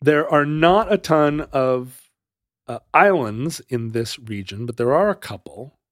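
Slow-talking man in casual chat. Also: medium pitch, lively intonation, fairly bright tone, no echo, studio quality. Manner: halting, with fillers and restarts while recounting.

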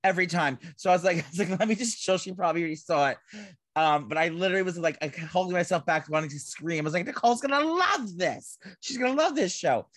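Excitable rambling male podcast co-host. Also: a little high, rapid-fire, dry recording. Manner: rambling, excitable, swears casually. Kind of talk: casual gossip chat.

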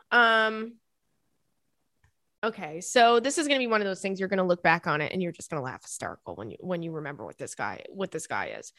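A woman's voice: medium pitch, fairly bright tone, no echo, studio quality. A woman hosting an advice podcast, reading listener letters and reacting with frequent laughter, swearing and dramatic apologies. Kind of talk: casual advice podcast chat.

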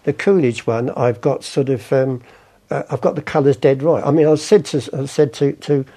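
A man's voice: medium pitch, fairly even intonation, moderate pace, warm tone. An older man, telling rambling stories in an interview and acting out the voices of people in them. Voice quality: gravelly. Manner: rambling, acts out voices in anecdotes. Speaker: interviewee, former art forger. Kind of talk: storytelling interview.

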